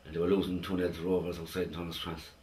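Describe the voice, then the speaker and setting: Deep-voiced fan recorded from afar. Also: male voice, level tone, quick pace, noisy background. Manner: reflective, thinking aloud. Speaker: football supporter. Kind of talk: interview. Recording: distant from the microphone.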